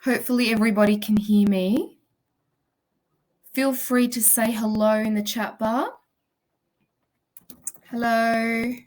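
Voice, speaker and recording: A woman's voice: fairly high pitch, little pitch movement, slow, pauses often, a little mellow. A woman from Sydney with an Australian accent, a provisional psychologist presenting a live webinar in a casual, chatty way and greeting viewers by name, with fillers like "sort of" and "um". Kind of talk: informal live webinar talk.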